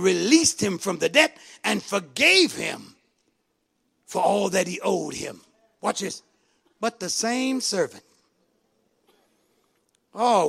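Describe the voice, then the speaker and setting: High raspy preacher guy, bright ringing tone, fired up and shouting at times. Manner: impassioned, acts out the servant's pleading. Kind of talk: sermon.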